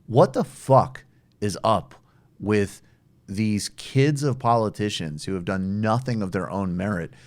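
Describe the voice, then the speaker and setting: Joking male podcast host, low voice. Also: unhurried, darkish tone. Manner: joking, laughs often, leads the segment. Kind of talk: casual comedic podcast banter.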